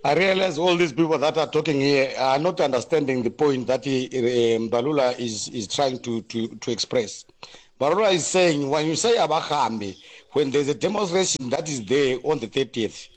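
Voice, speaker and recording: A man calling in to radio, earnestly explaining a point. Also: medium pitch. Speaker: radio caller.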